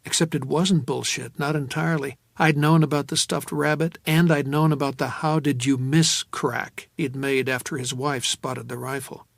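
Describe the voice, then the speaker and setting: A man narrating a first-person audiobook in a measured, wry, low-key manner. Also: fairly even intonation, vocal fry, dry recording, clean studio sound.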